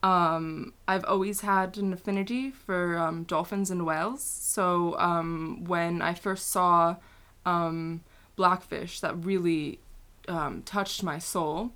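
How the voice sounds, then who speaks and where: A woman putting on a to play a young male pop singer who talks slowly and haltingly. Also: on the low side, fairly even intonation, fairly bright tone, clear, resonant tone. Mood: earnest. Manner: slow, halting, full of ums.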